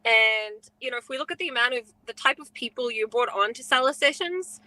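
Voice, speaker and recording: A woman's voice: fairly high pitch, expressive, a little fast, sharp tone, dry recording, poor audio. A woman co-hosting a podcast, talking in an effusive, gushing way with many fillers. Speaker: co-host. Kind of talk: casual podcast chat.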